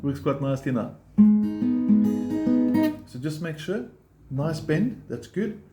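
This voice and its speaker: A man's voice: fairly high pitch, expressive, slow pace. A man teaching a guitar lesson, explaining picking step by step in a patient, encouraging way and counting beats aloud. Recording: roomy sound with loud guitar playing.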